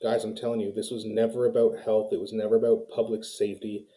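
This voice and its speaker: Very dark-voiced man ranting to viewers. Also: fairly low pitch, level tone, quick pace, poor audio. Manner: heated, ranting, talks straight to viewers as "guys". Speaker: YouTube commentary host. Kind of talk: opinionated casual commentary to camera.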